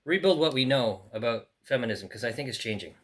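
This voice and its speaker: A man's voice: medium pitch, lively intonation, a little fast, fairly bright tone. A man talking casually as he unboxes and shows old books, thinking aloud with many fillers and restarts. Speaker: book collector. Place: in France.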